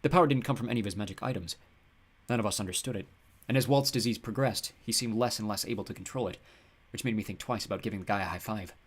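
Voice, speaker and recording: A man giving wry, expressive first-person audiobook narration. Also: fairly low pitch, fast, husky.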